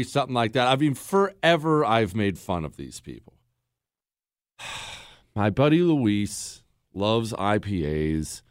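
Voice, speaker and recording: A male talk show host with a lively, swinging delivery, tossing off sarcastic jokes and teasing his producer. His voice is dry and close, recorded on a studio microphone with no room around it. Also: medium pitch, measured pace, dry recording. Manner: sarcastic, joking banter with producer. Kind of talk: talk radio monologue.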